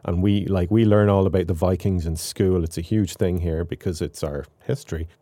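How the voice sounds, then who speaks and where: A man with an Irish accent, a composer chatting as an interview guest, relaxed and carefully articulated, laughing often. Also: deep voice, moderate pace, no echo, clean studio sound. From Ireland. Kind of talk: casual interview chat.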